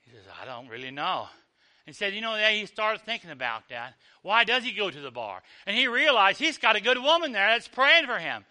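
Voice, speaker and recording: Bright-voiced preacher with a twang. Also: male voice, sing-song, brisk, few pauses. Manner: storytelling with acted-out dialogue, dropping low and soft for emphasis. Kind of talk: sermon.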